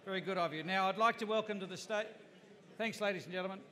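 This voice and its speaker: A man's voice: high-pitched, fast talker, sharp tone. A man hosting an event, polite and hesitant with many fillers. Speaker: event host.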